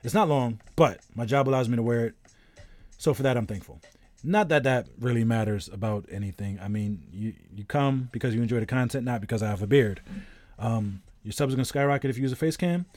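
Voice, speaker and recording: A man around thirty streams games live, chatting casually in a brisk, mid-range voice that's a little mellow, with no echo. He tells a rambling story while greeting his viewers.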